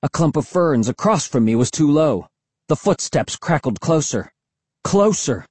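A man reading a first-person story aloud in a lively, expressive way. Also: on the high side, normal speed, husky, dry recording. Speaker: audiobook narrator.

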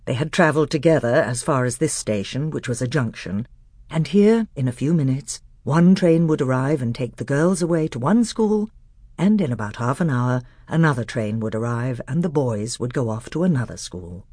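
A woman narrates a children's storybook in a low, husky voice. Her reading rises and falls with lively expression, recorded close and dry. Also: moderate pace, no room sound. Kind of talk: audiobook reading.

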